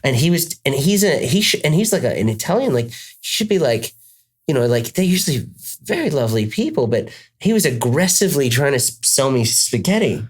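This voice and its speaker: A man's voice: mid-range voice, sing-song, brisk, husky. A man with an Australian accent telling a rambling comic story in a casual chat, full of restarts.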